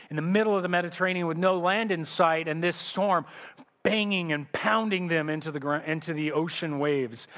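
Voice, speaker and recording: A man's voice: a little high, a bit bright. A male pastor preaching a sermon, telling a story vividly and often restarting his phrases. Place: church sanctuary. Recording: echoey church hall reverb.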